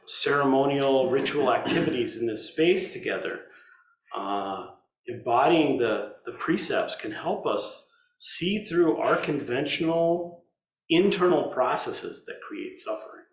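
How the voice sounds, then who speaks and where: A man gives a relaxed dharma talk, his voice rising and falling a lot as he thinks aloud. He stops, restarts and pauses often. The sound carries a roomy echo, as in a meditation hall. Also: medium pitch. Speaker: Zen teacher giving a dharma talk.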